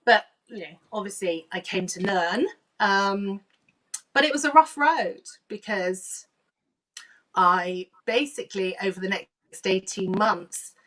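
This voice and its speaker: A woman's voice: medium pitch, measured pace, bright, forceful tone, distant mic. Woman, medium and intuitive coach, earnest emotional storytelling, acts out remembered lines, a bit off the mic. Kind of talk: personal storytelling in a conversation.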